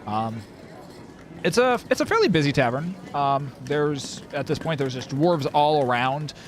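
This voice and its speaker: A man's voice: on the high side, lively intonation, a little slow. A young man running a tabletop game as dungeon master, describing scenes with many fillers and restarts.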